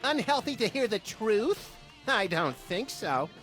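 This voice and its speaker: An actor voicing a brash, excitable young rabbit-like creature in a video game, bratty and mocking. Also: mid-range voice, measured pace. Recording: game audio under music.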